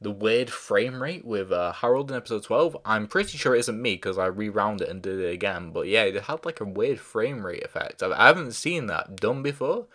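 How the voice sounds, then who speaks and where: Low-voiced man rambling through a review. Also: lively intonation, fairly quick, hardly any pauses, fairly bright tone. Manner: rambling, full of fillers and restarts; loses track of names, apologises. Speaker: show reviewer. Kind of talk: casual spoken review.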